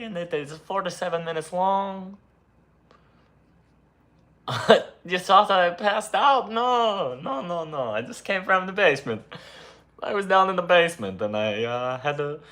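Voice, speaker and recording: A man voicing a mustached Italian video editor with a put-on Italian accent, rambling and defensive with many hesitations. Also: exaggerated voice. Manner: loud, higher, rambling with many uhs.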